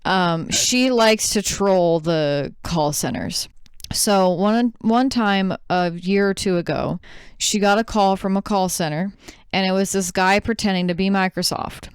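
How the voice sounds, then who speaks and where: A woman's voice: medium pitch, measured pace, smooth, no echo. A woman co-hosting a podcast, telling a funny story in a casual chat and acting out the voices of the people in it. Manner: animated, acts out quoted voices in storytelling. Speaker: podcast co-host.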